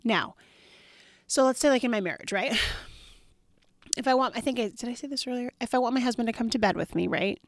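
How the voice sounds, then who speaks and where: A woman's voice: fairly high pitch, a little fast, long pauses, no echo, clean studio sound. A woman hosting a podcast, talking earnestly in a casual, chatty way and speaking straight to her listeners. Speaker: podcast host. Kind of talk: casual motivational monologue.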